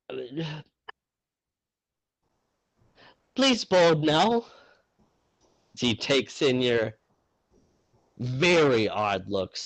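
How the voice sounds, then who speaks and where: Unhurried man narrating a tabletop game. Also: lowish voice, no echo, rough recording. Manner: relaxed, frequent fillers and restarts while improvising. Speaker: game master.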